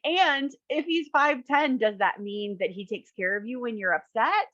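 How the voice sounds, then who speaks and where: A woman therapist and matchmaker talks bluntly and with animation in a casual panel chat. Her voice sits a little high. The video-call audio is dry and dull. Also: moderate pace, few pauses, no room sound. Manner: animated, blunt, acts out quotes.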